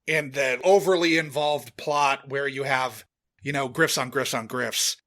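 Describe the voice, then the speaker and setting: A man's voice: mid-range voice, fairly even intonation, a little slow, a bit bright. A man co-hosting a podcast in a casual movie chat, loose and filler-heavy with the odd swear. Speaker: podcast co-host.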